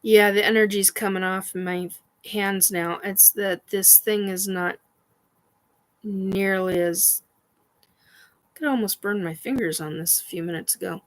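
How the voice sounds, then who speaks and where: A woman's voice: mid-range voice, steady tone, measured pace, poor audio. A woman hosting a casual paranormal chat stream, rambling with many fillers, defiant and swearing.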